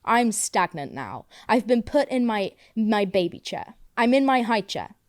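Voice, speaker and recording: A woman's voice: mid-range voice, sing-song, unhurried, no room sound, studio quality. A young woman hosting a casual podcast from home, rambling, swearing a lot and poking fun at herself. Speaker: podcast host. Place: home, seated on couch.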